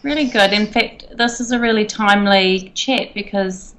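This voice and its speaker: A woman with a New Zealand accent answers interview questions over a video call. She speaks in a relaxed, thoughtful manner, pausing now and then as she gathers her ideas. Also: medium pitch. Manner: thoughtful, relaxed, some fillers. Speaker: guest, senior safety executive. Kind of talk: casual interview.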